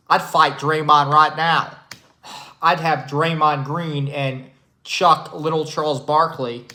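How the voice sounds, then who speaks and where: A man doing a comedic impression of an older male sports debate pundit, brash and contrarian, talking slowly with heavy sighs. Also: on the high side, pushed and bright, rough recording. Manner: slow, drawn-out delivery with heavy sighs and dramatic pauses.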